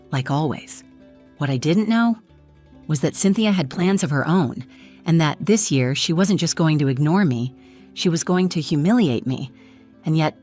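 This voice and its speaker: A middle-aged woman narrating a first-person story in a measured, subdued manner. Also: low voice.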